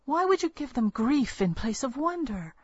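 A woman playing a young pregnant woman from a storybook, defiant and accusing. Her voice sits higher than the reader's own, with a breathy, husky tone. The take is dry and slightly muffled. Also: very animated, moderate pace, darkish tone, no echo, heavily acted. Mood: indignant. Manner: accusing, demanding. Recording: dull, lo-fi, dry recording.

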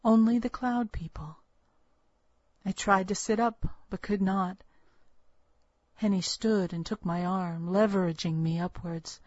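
A woman narrating a first-person story with a measured, earnest storytelling manner. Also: mid-range voice, a little mellow, no echo. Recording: dull, lo-fi, dry recording.

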